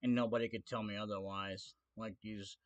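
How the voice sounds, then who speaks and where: A man's voice: lowish voice, level tone, moderate pace. A man ranting on his own stream in a casual way, sarcastic, defiant and mocking.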